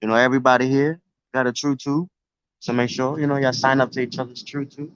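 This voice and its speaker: A man's voice: mid-range voice, flat delivery, fast talker, fairly bright tone, slight background noise. A man with a New York accent, chatting casually and profanely on a live stream from his phone outdoors. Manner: loose, profane street talk. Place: outdoors near the beach. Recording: dry, dull phone audio.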